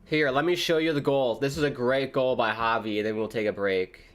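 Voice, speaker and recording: A man's voice: mid-range voice, fairly even intonation, a little fast. A man from the United States hosting a live football watchalong, giving casual commentary that drifts into rambling side chats. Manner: chatty and rambling, jumping between match calls and tangents. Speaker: livestream host.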